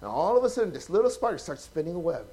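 Talking very fast over a slight hiss or hum, a high-voiced male preacher gives a casual, story-driven sermon. He's animated and chatty, acting out quotes and constantly questioning his listeners.

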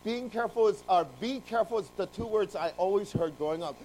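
Male pastor, sermon storytelling, fairly high voice, animated, faint hum behind. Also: quick pace, rough recording. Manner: animated, jumping between loud emphasis and quiet asides.

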